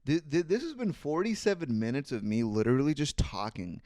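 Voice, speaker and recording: A man's voice: medium pitch, sing-song, fairly quick, darkish tone, no room sound, clean studio sound. A young man in his twenties hosting a solo podcast, thinking aloud in a rambling way and swearing freely into a microphone. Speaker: podcast host. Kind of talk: casual solo podcast monologue. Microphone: studio microphone.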